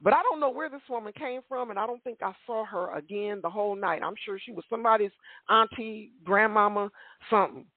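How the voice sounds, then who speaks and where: A woman telling a long personal story on a call-in radio show, animated and rambling, with frequent rhetorical asides to the listener. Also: medium pitch, fairly quick, dry recording. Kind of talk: casual storytelling. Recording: tinny dry phone line.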